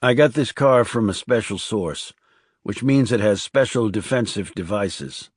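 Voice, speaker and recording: A man's voice: fairly low pitch, unhurried, husky, no echo, studio quality. A man voicing a guarded male assassin. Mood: firm.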